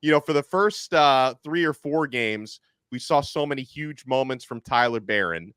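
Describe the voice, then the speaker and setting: A man hosting a casual sports podcast. He talks quickly, stumbles into restarts, and laughs easily. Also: mid-range voice, animated, a bit bright, clear, resonant tone, no room sound. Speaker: podcast host.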